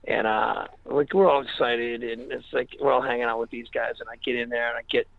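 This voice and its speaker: A man's voice: mid-range voice, little pitch movement, a little fast, creaky, no room sound, phone-quality sound. A man casually telling a rambling story in an interview, full of fillers and acted-out quotes. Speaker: musician guest.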